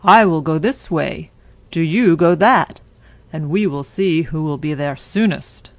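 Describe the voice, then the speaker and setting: A woman voicing a big, hungry wicked wolf in a storybook reading, with loud, drawn-out lines. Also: low voice, no echo. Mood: sly.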